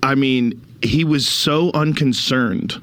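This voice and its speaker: Easygoing middle-aged podcast host. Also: male voice, mid-range voice, takes it slowly, a bit bright, no room sound. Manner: easygoing, frank, reacts with short interjections. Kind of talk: casual conversation. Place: podcast studio.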